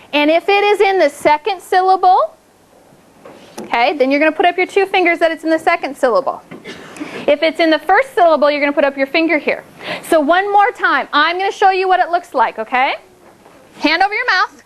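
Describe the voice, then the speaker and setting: In a classroom, a woman guides second graders through a phonics lesson in a very high voice. She draws each target word out slowly, then cheers the children on with upbeat praise. Classroom noise is clearly audible in the background.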